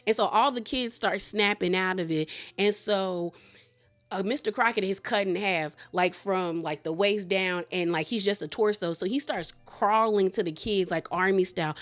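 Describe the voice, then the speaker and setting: Woman, mid pitch, casual movie recap, animated and colloquial. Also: moderate pace. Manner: animated, colloquial, laughs at the plot. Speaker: movie reviewer.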